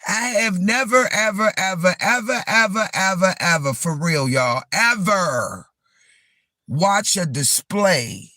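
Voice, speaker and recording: Slow-talking man on a live stream. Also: sits high, no room sound, clean studio sound. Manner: animated, repetitive and profane, addressing viewers as y'all. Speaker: livestream host. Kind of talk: casual live-stream storytelling.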